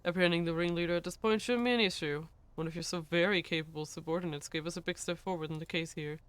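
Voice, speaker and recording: A woman doing a sarcastic gruff cop. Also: lowish voice, fairly even intonation, fast talker, lightly acted. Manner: sarcastic, curt. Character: gruff grown man, an American cop.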